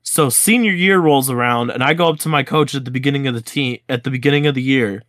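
A man's voice: mid-range voice, fast talker, no room sound, clean studio sound. A young man in his twenties, co-hosting a podcast, telling a school story in a casual chat and acting out the dialogue. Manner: animated storyteller, acts out quoted dialogue. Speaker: podcast co-host.

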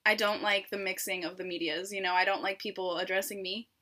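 A woman's voice: medium pitch, flat delivery, a little fast, noisy background. A young woman co-hosting a casual podcast chat, talkative, laughing often and restarting her sentences. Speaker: podcast co-host.

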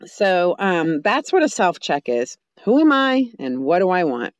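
A woman talking through parenting advice in a lively, up-and-down voice that jumps high when she acts out a fussing parent. She restarts her sentences often and speaks in a dry, close sound. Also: dry recording. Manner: animated, acts out parents and children in quick voices; frequent restarts and fillers. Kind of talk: casual advice monologue.

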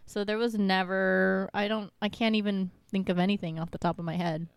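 Hesitant young woman with a smooth voice. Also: medium pitch, fairly even intonation, brisk, no room sound. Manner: thoughtful, hesitant, many fillers. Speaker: podcast guest. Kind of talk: casual chat.

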